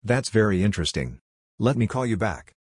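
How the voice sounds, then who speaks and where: A calm, smug police detective, voiced by a man reading a story, who speaks slowly and knowingly. The voice sits low with a slight husk. The recording is dry and close. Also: husky, dry recording.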